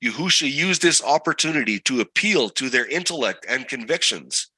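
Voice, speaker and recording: A man's voice: mid-range voice, animated, normal speed, bright, forceful tone, husky, no echo, low-quality recording. A man teaching a scripture study lesson as a Bible teacher, asking his listeners one rhetorical question after another.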